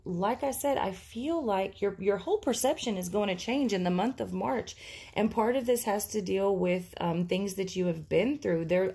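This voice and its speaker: A woman's voice: mid-range voice, creaky, a little mellow, husky. A woman giving an intuitive tarot reading, talking casually and thinking aloud with many fillers. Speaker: tarot reader.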